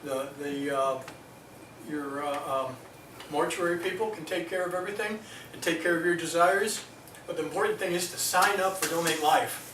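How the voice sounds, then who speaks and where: Middle-aged man, earnest speaker, slightly high voice, recorded from across a roomy hall. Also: moderate pace, noisy background. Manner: earnest, hesitant with fillers. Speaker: liver transplant recipient giving a talk. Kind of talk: presentation to an audience. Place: hospital meeting room. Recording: echoey room, mic from a distance.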